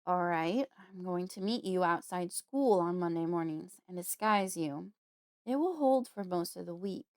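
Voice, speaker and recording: A woman voicing a gentle, protective uncle, speaking in a calm, soothing and measured way. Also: lowish voice, clear, resonant tone, no room sound, clean studio sound.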